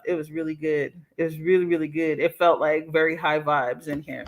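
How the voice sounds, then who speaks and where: A young adult woman hosting a casual livestream, talking in an animated, emphatic way and swearing freely. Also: deep voice, fairly quick. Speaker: livestream host.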